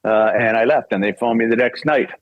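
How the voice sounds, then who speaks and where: A man's voice: mid-range voice, brisk, no room sound, lo-fi sound. An older man from Canada, a voice actor and singer, telling a casual story and acting out the voices he quotes, laughing often.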